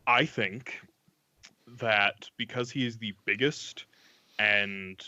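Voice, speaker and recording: A man with a low but sharply bright voice thinks aloud on a podcast, hesitating often. The sound is dry and dull, like a cheap microphone. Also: no echo. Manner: thoughtful, hesitant, many fillers. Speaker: podcast panelist. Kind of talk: casual chat.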